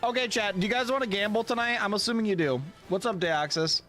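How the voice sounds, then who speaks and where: A young man streaming a game live, excitable and cursing loudly at big plays, talking to his chat. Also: sits high, quick pace, soft background music.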